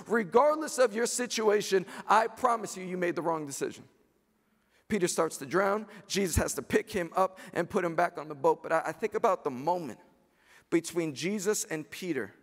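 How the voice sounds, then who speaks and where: A man preaching a chapel sermon with passion, building to shouted peaks as he acts out dialogue. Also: high voice, lively intonation, normal speed. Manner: impassioned, rising to shouts. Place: large chapel hall. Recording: long hall reverb.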